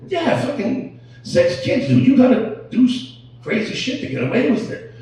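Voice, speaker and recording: A middle-aged man doing a crude stand-up set, telling stories with animated delivery. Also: very high voice, normal speed, recorded from a distance. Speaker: stand-up comedian. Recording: echoey room, heard from off-mic.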